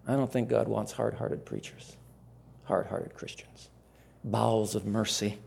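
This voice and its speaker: An older man preaching a chapel sermon to pastoral students, swinging from loud emphatic bursts to hushed asides. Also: medium pitch, creaky.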